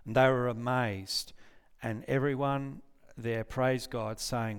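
A man preaching a relaxed sermon at a middle pitch. He reads scripture aloud, asks his listeners questions, and often stops to rephrase or correct himself. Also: slow, clean tone. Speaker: pastor. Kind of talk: conversational sermon with scripture reading.

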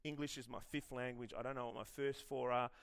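A middle-aged Australian man preaching a sermon in a lively, conversational way, telling personal stories with self-deprecating humour. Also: mid-range voice, fast talker, vocal fry, clear, resonant tone. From Western Australia. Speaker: pastor.

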